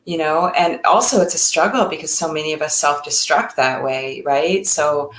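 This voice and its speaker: A woman's voice: deep voice, moderate pace, reverberant, slight background noise, rough recording. A woman co-hosting a casual talk on mental health in a reflective, encouraging way. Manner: reflective, encouraging, speaks in lists. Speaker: co-host.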